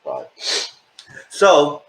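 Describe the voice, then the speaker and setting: A man giving a chatty, animated recap of a TV episode and talking straight to his viewers. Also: extremely slow, reverberant. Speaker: TV show reviewer. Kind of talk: casual recap commentary.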